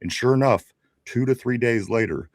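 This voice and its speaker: A man's voice: mid-range voice, normal speed, no echo, studio quality. A man in his forties co-hosting a casual sports talk show with a Pittsburgh accent, rambling, repeating his greetings and laughing often. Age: 40s. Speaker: podcast co-host.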